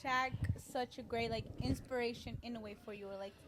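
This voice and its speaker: A woman's voice: on the high side, fairly even intonation, a little fast, background noise. A young woman co-commentating a school soccer game, giggly and a bit hesitant. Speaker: student co-commentator. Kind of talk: casual play-by-play chat.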